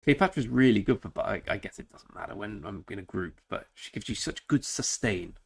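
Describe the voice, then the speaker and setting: A man with a lowish voice, chatting loosely through a live game stream. He jokes around and talks straight to his viewers. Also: expressive, fairly quick, vocal fry, slight background noise. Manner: chatty, joking, talks to chat. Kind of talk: casual live-stream chat.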